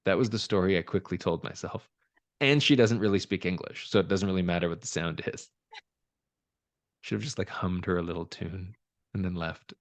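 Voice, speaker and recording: A man's voice: low-pitched, brisk, no echo. A man co-hosting a real estate podcast, chatting casually with a joking, self-deprecating manner. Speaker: podcast co-host, realtor. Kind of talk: casual chat.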